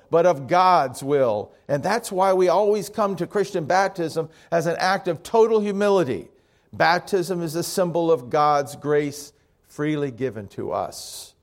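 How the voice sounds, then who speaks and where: Conversational male pastor preaching. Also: on the high side. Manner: conversational, with joking asides. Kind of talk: sermon.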